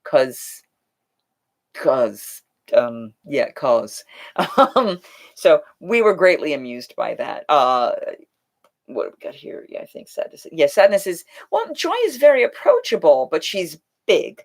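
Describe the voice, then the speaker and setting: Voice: medium pitch, huge pitch swings, slow. Role: live-stream host. Type: chatty, rambling, thinks aloud while answering viewer questions. Mic: USB desk microphone. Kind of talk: casual live chat. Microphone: Logitech USB microphone.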